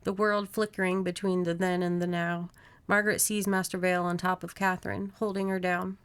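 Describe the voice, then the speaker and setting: A woman podcast host reading a horror novel aloud in steady narration, with casual asides to her co-host. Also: on the low side, fairly quick, clear, resonant tone.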